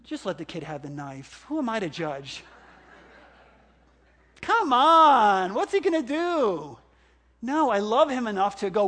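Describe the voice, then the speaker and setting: An older male pastor delivers a sermon in a notably high voice. He is animated, acting out exclamations and quoted voices as he preaches. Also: measured pace, long pauses.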